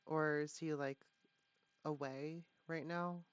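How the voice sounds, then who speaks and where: Low-voiced woman giving a tarot reading. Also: fairly even intonation, smooth, no echo. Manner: halting, full of fillers and restarts. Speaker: tarot reader. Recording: dull lo-fi, dry sound.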